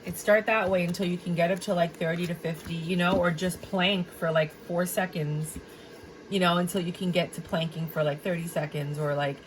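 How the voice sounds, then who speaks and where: A woman's voice: on the low side, steady tone, brisk, slight background noise, poor audio. A woman giving a casual tarot reading straight to her viewers, chatty and full of fillers, easily cracking herself up. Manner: chatty, filler-heavy, addresses viewers directly; prone to giggling fits. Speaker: tarot reader.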